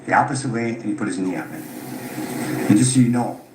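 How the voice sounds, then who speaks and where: A frustrated, tired man talks fast in a lowish voice, airing his grievances and swearing a lot. The unscripted caller account was recorded in an echoey space with heavy background noise.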